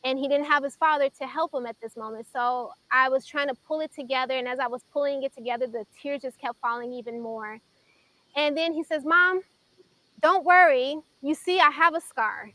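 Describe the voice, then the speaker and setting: A Chicago woman in her thirties gives an earnest, emotional personal testimony on a faith talk show, pausing as she goes. Her high-pitched voice sounds pushed and bright, and the audio is poor.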